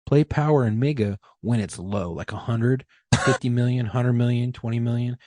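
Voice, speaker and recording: A man's voice: mid-range voice, moderate pace, dark tone, no echo, clean studio sound. A man co-hosting a casual podcast, rowdy and profane. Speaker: podcast co-host.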